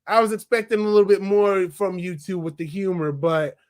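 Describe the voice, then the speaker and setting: A young man giving a casual, rambling film review, full of excited asides and filler words. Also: high-pitched, fairly quick. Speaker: movie reviewer.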